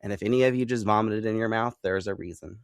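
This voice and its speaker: A man's voice: lowish voice, fast talker, smooth, no room sound, studio quality. Giggly young man co-hosting a podcast. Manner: giggly, animated, swears casually. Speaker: podcast co-host. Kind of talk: casual podcast chat.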